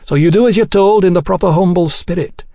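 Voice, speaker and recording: A man's voice: high-pitched, fast talker, mellow, no echo, studio quality, pitched above the performer's own voice. A man voicing a persuasive male swindler who coaxes and then presses his points emphatically. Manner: coaxing, then hard and emphatic. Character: smooth-talking male street swindler, persuasive and bitter.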